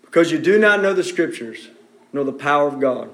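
A man's voice: on the high side, lively intonation, a little fast, a bit bright. A man preaching a sermon, emphatic and direct, repeating key phrases for stress.

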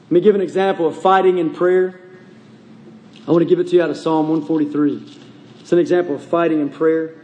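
A man's voice: fairly high pitch, fairly even intonation, brisk, long pauses, mellow. A man preaching a sermon to his congregation, pressing them with urgent, repeated questions. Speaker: pastor. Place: church sanctuary. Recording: long reverb of a large hall.

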